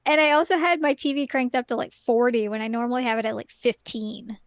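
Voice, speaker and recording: A woman with a fairly high voice talks in a casual podcast chat. She giggles a lot and acts out her own reactions in animated little bursts. The sound is close and dry. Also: fast talker, no echo. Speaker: podcast guest.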